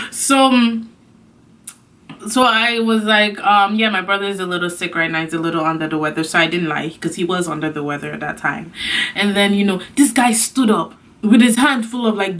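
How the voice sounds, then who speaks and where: A young woman vlogger telling a story to her camera in a casual, animated way, acting out the people she quotes. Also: distant mic. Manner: animated, acts out quotes with big pitch jumps.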